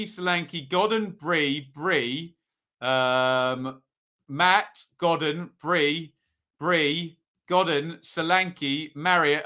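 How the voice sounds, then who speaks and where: A man's voice: on the high side, pushed and bright. Chatty man hosting a football stream. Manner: chatty, reading out viewer votes, frequent ums. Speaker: football review host. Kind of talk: casual live-stream commentary.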